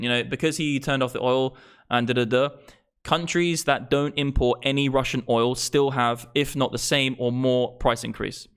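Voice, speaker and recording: Money and prices set off this roughly thirty-year-old English crypto streamer, who rants with exasperation and plenty of profanity on his live stream. His voice sits at medium pitch with a bit of brightness.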